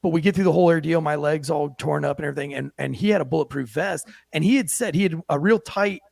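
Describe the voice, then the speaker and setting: A man who co-hosts the show and works as a police officer tells a story with brash, profane energy, acting out the people he quotes. His voice is on the high side, fast and gravelly, with a darkish tone, and there's no room sound.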